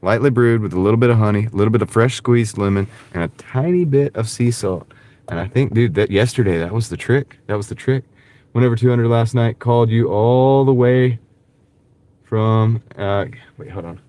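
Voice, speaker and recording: A man's voice: medium pitch, normal speed, mellow. Chatty man with a light Southern accent. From American South. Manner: rambling, chatty, reads and answers viewer comments. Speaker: delivery driver livestreamer. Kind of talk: casual livestream chat while driving. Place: in a car. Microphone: wireless clip-on mic.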